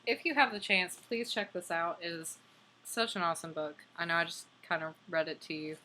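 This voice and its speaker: A woman's voice: lowish voice, fairly quick, pushed and bright, slight background noise. A young woman casually reviewing and reading a picture book aloud, enthusiastic and chatty with plenty of fillers.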